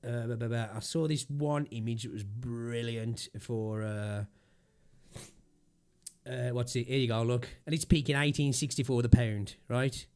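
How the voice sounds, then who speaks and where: A man's voice: medium pitch, steady tone, unhurried, darkish tone. A young man ranting casually on a livestream, swearing constantly and rambling with fillers, with a slightly sore throat. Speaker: streamer.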